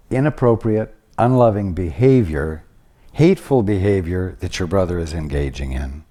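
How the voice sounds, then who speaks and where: A man leads a spiritual teaching session in a deep, low voice. He speaks slowly and deliberately, letting long pauses sit between phrases, and his tone is mellow and warm. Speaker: spiritual teacher channeling at a study group.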